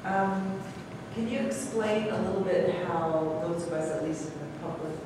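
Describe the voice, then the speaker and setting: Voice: mid-range voice, little pitch movement, moderate pace, noisy background. An audience member asking a question from the floor, hesitant and searching for words, recorded from a distance in a large echoey hall.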